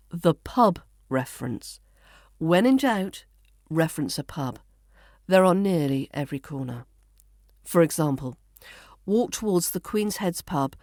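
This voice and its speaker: A woman with a southern English RP accent, hosting an accent lesson in a crisp, measured, instructive way. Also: low voice, a little mellow, no room sound, studio quality. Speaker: accent coach and podcast host.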